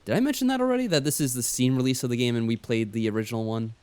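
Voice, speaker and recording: A man's voice: medium pitch, darkish tone, clear, resonant tone, dry recording. A man giving casual, jokey commentary while playing a visual novel for a let's play. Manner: jokey asides, quick bursts. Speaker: let's player.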